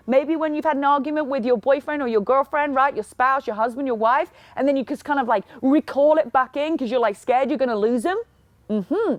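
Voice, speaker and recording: A young woman hosting a podcast, giving an energetic, emphatic motivational talk and acting out other people in quick asides. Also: high voice, no echo. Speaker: podcast host and fitness coach.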